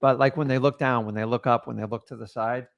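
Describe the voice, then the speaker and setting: A man's voice: mid-range voice, steady tone, fast talker, creaky. Earnest middle-aged man giving advice. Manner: earnest, advice-giving, addresses viewers as guys. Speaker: co-host, real estate investor. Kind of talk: casual coaching chat.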